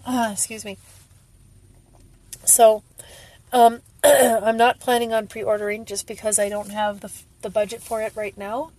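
A woman's voice: a little high, flat delivery, measured pace, long pauses, a little mellow. A woman fan vlogger talking casually to viewers, emotional, gushing, and often laughing through tears. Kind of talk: casual fan vlog reaction.

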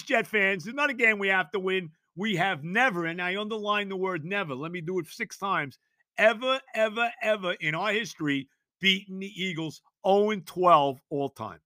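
A man's voice: high voice, pushed and bright, no room sound. An older man, hosting a solo sports podcast and ranting emphatically, with rhetorical questions and cursing. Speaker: podcast host.

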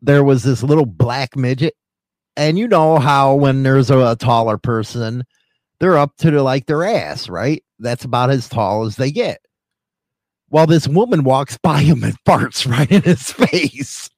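Lively crude joking man. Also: mid-range voice, unhurried, no echo, studio quality. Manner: joking and laughing often. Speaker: podcast co-host. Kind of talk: casual crude banter.

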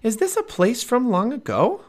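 A man voicing an eager, curious, fearless young girl in a storybook reading, with a high and bubbly delivery. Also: wildly swooping pitch, normal speed, a little mellow, heavily acted. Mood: coaxing.

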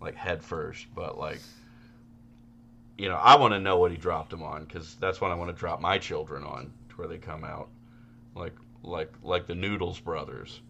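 A man co-hosting a casual podcast, telling animated stories with loud, laughing outbursts. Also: deep voice, moderate pace, gravelly, dull audio, a little hiss or hum. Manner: animated storytelling, bursts into loud laughing shouts. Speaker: podcast co-host.

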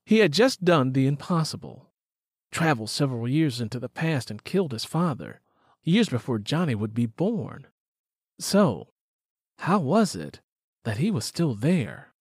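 A man narrating an audiobook in a measured, even storytelling manner. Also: mid-range voice, slightly rough, no room sound, studio quality. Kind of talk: scripted narration.

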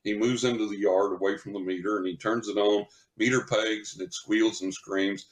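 A man, a psychic medium guest on a podcast, telling a story in an animated way and laughing as he talks. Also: lowish voice, normal speed. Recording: roomy echo.

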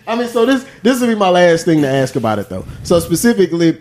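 A man with a New Orleans accent, co-hosting a casual podcast chat, animated and argumentative. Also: sits high, quick pace, a crowd in the background. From New Orleans, Louisiana. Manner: animated, argumentative, laughs while talking. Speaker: podcast co-host.

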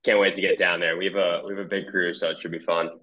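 A young man chatting as a podcast guest in an easy, filler-heavy way. His voice is very deep yet bright and forceful in tone. He keeps a flat, level delivery with little melody. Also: quick pace, lo-fi sound. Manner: relaxed, uses many fillers. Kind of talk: casual sports chat.

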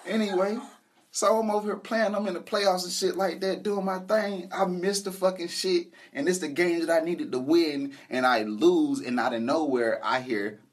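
A man telling a comic story about his girlfriend, animated, profane and laughing as he goes. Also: high voice, normal speed. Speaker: comedian. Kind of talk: stand-up storytelling.

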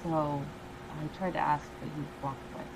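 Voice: mid-range voice, steady tone, moderate pace, vocal fry, noisy background. A player in a tabletop game, chatting casually and in a laid-back way.

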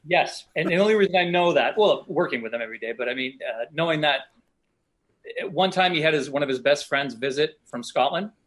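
A middle-aged actor telling casual, animated stories from past shoots in an interview, often acting out other people's lines. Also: male voice, a little high, brisk. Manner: animated anecdotes, voices other people in quotes. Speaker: actor guest.

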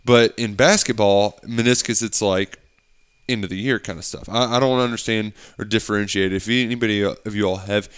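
A man with a lowish voice and a smooth, clear tone co-hosts a sports podcast. He jokes around with his partner in playful banter. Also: fairly even intonation, moderate pace. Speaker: podcast co-host. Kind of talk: casual sports chat.

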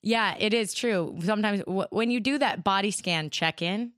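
A woman's voice: medium pitch, moderate pace, clear, resonant tone, dry recording. Woman co-host, laid-back questioner, dry mic. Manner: relaxed, asks questions, uses "man" and "like". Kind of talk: casual chat.

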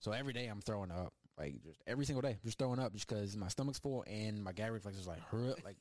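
A young man chats loosely on a podcast, telling rambling stories with a joking edge. His pitch bounces around a lot. The sound is dry and close. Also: lively intonation, fast, a little mellow, no room sound. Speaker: podcast host. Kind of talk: casual chat.

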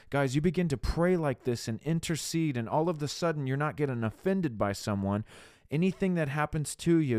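A man's voice: medium pitch, a little mellow, dry recording, studio quality. A man preaching a podcast sermon, moving between earnest spoken prayer and urging his listeners on. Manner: earnest, exhorting, addresses listeners as guys.

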